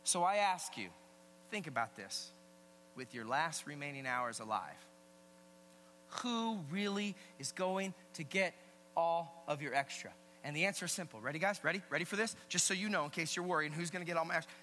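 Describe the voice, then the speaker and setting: A man preaching a sermon as a pastor, emphatic and animated, swinging between loud emphasis and hushed asides. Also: on the high side, normal speed. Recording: long hall reverb with faint mains hum.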